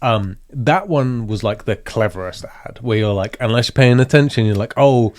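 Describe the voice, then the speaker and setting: A man's voice: on the low side, lively intonation, normal speed. A man co-hosting a podcast, chatting casually about a TV episode and riffing on theories and jokes. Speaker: podcast co-host. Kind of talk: casual chat recapping a TV episode.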